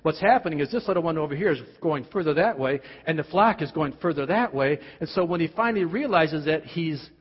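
A man preaching a sermon, asking emphatic rhetorical questions and dropping at times to quiet, intense tones. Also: lively intonation, fairly quick, hardly any pauses, breathy edge. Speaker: pastor. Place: church. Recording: dull, boomy hall sound.

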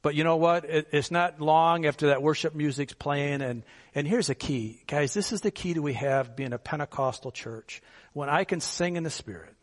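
A man with a fairly high voice preaches conversationally at a moderate pace, chuckling here and there as he asks his listeners rhetorical questions. The recording has a big-room sound.

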